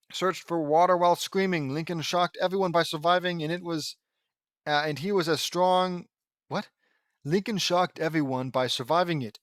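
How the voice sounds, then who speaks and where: A man's voice: a little high, no echo. Sarcastic man mocking a story. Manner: sarcastic, mocking, easily exasperated. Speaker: reader of fan fiction. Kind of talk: audiobook reading with sarcastic commentary.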